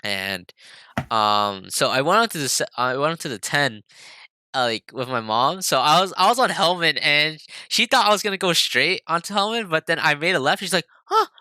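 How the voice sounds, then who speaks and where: A young podcast co-host tells a story casually, looping through fillers and swearing as he goes. His voice is bright and smooth, and it sounds close and dry. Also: a little high, expressive, moderate pace, no room sound. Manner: rambling, filler-heavy, profane.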